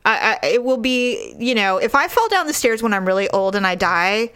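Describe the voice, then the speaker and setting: A woman's voice: normal speed, smooth. A woman in her forties telling a funny story in casual chat, laughing often and acting out what people said. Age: 40s. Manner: animated, laughs often, acts out quoted lines in a high voice.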